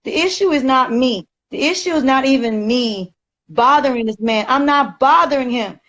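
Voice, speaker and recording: A woman, ranting emphatically on a live stream and growing loud and agitated. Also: sits high, expressive, normal speed, lo-fi sound. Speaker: livestreamer. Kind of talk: heated live-stream rant.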